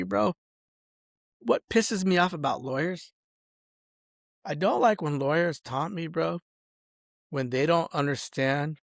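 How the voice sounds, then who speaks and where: In clean studio sound with no echo, a man vlogger with a slightly high voice smokes a cigar while talking. His vlog is a rambling, angry rant, boastful in tone, peppered with "bro" and "dog" at every turn.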